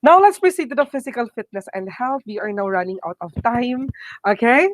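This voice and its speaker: Filipino woman teacher, brisk review lecture. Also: a little high, sing-song, no echo, low-quality recording. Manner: brisk, repeats "okay?" and "my dear students"; mixes English with Tagalog phrases.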